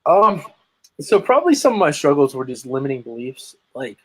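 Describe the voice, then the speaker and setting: A man's voice: mid-range voice, animated, brisk, husky, poor audio. A man speaking as a guest on a video call, telling his story with energy, emphasis and many restarts. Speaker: guest, lead generation marketer. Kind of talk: casual interview chat.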